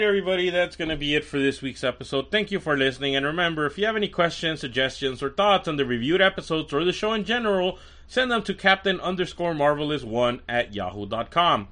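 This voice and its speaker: A man's voice: on the high side, lively intonation, quick pace, few pauses, pushed and bright, soft background music. A man hosting a podcast, giving casual review commentary and rambling with fillers and restarts. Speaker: podcast host.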